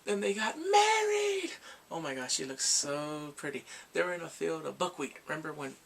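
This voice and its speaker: A man recapping a drama episode in a casual, excited way, acting out the characters' lines and his own reactions. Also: on the high side, fairly quick, creaky, slight background noise. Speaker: drama reviewer.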